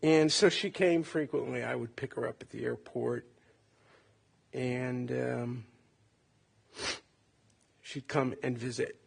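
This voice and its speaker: A man in his late sixties from Ohio, a son giving a halting, tender eulogy at a funeral. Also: medium pitch, fairly even intonation, gravelly, breathy edge. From Cleveland, Ohio. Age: 60s. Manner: halting, reflective, tender storytelling.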